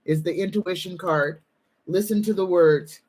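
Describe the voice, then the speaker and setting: This tarot reader and psychic medium has a husky, fairly low-pitched voice that's a little mellow. During her live-stream reading she's slow, earnest, and comforting, occasionally so moved she's on the edge of crying.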